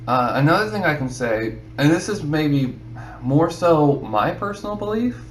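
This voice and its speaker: Man, casual advice talk, rambling, lots of "you know", slightly high voice, echoey room with faint hiss. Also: very animated, normal speed. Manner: rambling, repeats himself, many "you know"s. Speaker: artist giving advice.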